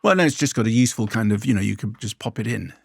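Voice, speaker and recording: A man's voice: fairly low pitch, expressive, racing, gravelly, breathy edge, no room sound. A man co-hosting a chat show, reading out listener emails with dry, teasing banter. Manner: dry, teasing, reads letters aloud.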